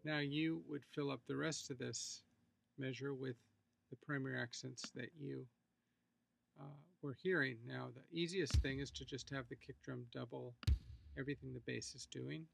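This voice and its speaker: Gravelly-voiced man teaching a music lesson. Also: medium pitch, moderate pace. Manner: relaxed, explanatory, thinking aloud with fillers. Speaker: music instructor. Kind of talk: screencast tutorial walkthrough.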